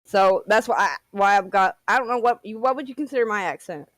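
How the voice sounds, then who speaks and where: A woman's voice: medium pitch, brisk, dry recording. A woman with an East Tennessee accent, chatting on a livestream as a guest, rambling and giggling with many restarts. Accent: East Tennessee Southern. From near Washington DC, raised in Tennessee. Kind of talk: casual livestream chat.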